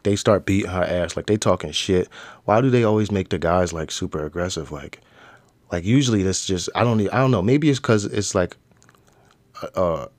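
A man with a low, deep voice retells a show's story on his podcast, using heavy slang and swearing. He acts out the characters as he goes. The sound is dry and close. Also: no echo. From United States. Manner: animated storytelling with slang and profanity, acting out characters. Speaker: podcast host. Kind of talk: casual show recap.

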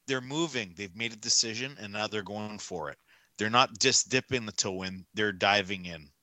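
Guy on a sports podcast going off, super bright sharp voice, repeats himself to make the point. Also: lowish voice, normal speed, dry recording. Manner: emphatic, ranting, repeats points for effect. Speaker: podcast co-host. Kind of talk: casual sports talk.

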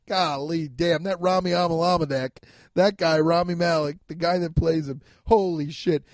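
A comedian in his twenties or thirties rambles through an animated, profane monologue, breaking into bursts of shouting. His voice sits on the high side, and the recording is dry.

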